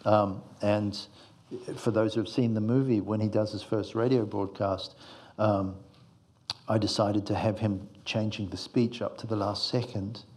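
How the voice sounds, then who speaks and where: A man's voice: fairly low pitch, flat delivery, a little slow, a little mellow. A male screenwriter giving reflective, meandering interview answers, fond of analogies.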